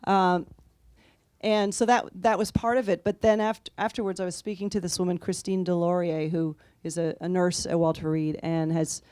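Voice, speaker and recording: Woman, author, lower voice, animated storyteller, dry close sound. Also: normal speed, clear, resonant tone, no room sound. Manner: animated anecdotal, quotes others with laughs. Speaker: author guest. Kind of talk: conversational interview storytelling.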